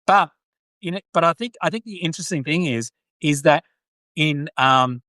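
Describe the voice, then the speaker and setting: An Australian man from Sydney hosts a loose live-stream chat, a little higher-pitched than most men. His speech rambles and restarts as he reads out viewer comments. The sound is close and dry. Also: moderate pace, sharp tone, no room sound. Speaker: podcast host.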